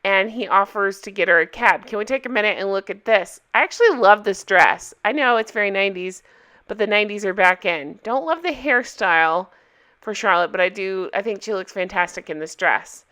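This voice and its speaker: Young woman doing a chatty tv recap vlog, bright clear voice, super enthusiastic. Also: mid-range voice, brisk. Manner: chatty and enthusiastic, quoting lines in lively voices. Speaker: vlogger recapping a TV episode.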